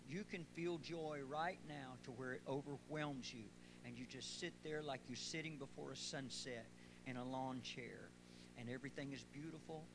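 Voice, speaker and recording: A man preaching a sermon as pastor of a church, talking quietly at first and building up to shouting praise. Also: medium pitch, noisy background. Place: church sanctuary.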